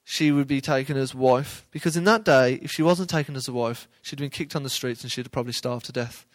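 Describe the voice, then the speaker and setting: A man speaking a little fast at medium pitch offers informal Bible teaching, chatting conversationally and often asking his listeners questions.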